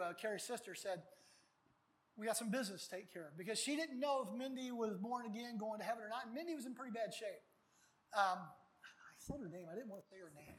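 Middle-aged pastor, folksy and lively, preaches at a baptism and now and then shouts to the crowd. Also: male voice, high voice. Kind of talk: outdoor baptism sermon.

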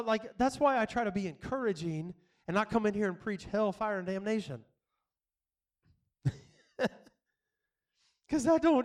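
A man's voice: high voice, darkish tone. A middle-aged man, a pastor giving a conversational sermon full of repeated rhetorical questions. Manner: conversational, repetitive rhetorical questions, laughs often.

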